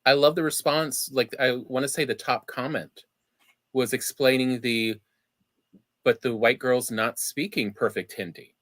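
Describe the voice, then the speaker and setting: Podcast co-host, medium-low voice, dry studio sound, wry commentary. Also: fairly even intonation, unhurried, fairly bright tone, no room sound. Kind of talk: casual chat.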